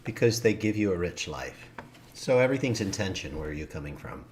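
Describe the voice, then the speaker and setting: A man's voice: sits low, animated, brisk, darkish tone. Man, co-host, upbeat, welcoming, faint hiss behind. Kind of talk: casual live show chat.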